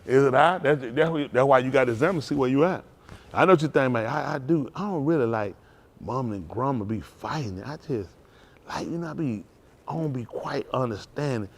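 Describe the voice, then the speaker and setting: A man preaching a sermon, rousing and conversational, swinging between loud calls and hushed asides. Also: medium pitch, animated, a little fast, slight background noise. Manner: rousing call-and-response preaching, Southern Black church cadence. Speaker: pastor.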